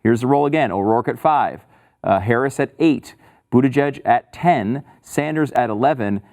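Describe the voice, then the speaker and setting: A man's voice: mid-range voice, normal speed, darkish tone. A man co-hosting a talk show, chatting casually about politics and reading out figures in a conversational way. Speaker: co-host.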